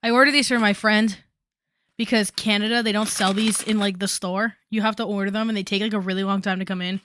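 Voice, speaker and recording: A woman's voice: medium pitch, steady tone, quick pace, a bit bright, a little hiss or hum. A young woman chatting casually on a commentary stream, rambling with many fillers and asides.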